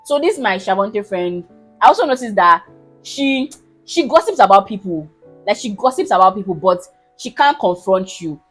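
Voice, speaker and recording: A woman in her twenties with a Nigerian accent, telling a personal story to her viewers in a casual, animated, emphatic way. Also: mid-range voice, normal speed, faint music behind, rough recording. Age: 20s. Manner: animated, emphatic, keeps asking listeners if they understand. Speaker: vlogger.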